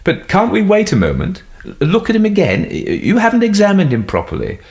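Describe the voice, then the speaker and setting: A man's voice: high voice, wildly swooping pitch, moderate pace, gravelly, a little mellow, pitched above the performer's own voice, full character voice. A man reading an audiobook, voicing an agitated young man, the eldest son of the family, who pleads anxiously. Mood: desperate.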